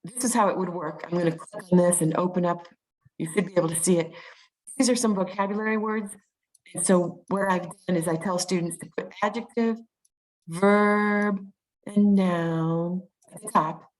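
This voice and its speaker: A woman's voice: on the low side, darkish tone, rough recording. A woman presenting an online teaching webinar, explaining step by step with frequent ums and restarts, on a video call mic.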